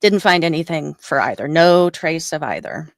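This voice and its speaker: A woman co-hosting a podcast, retelling a story in a rambling, animated way with fillers. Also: sits low, moderate pace, no room sound, clean studio sound. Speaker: podcast co-host. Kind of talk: casual storytelling chat.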